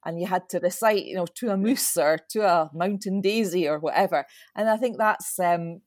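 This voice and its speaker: A woman's voice: lowish voice, normal speed, no echo, studio quality. A Scottish woman explaining things at length in a casual chat, a bit like a lecture.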